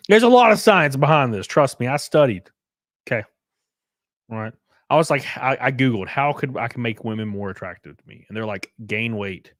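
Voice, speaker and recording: A man hosting a casual live stream, joking crudely and thanking viewers by name, jumping from loud outbursts to quiet muttering. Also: mid-range voice, expressive, moderate pace, no room sound, studio quality. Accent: Southern American. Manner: crude, joking, reads and thanks super chats aloud. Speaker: livestream host.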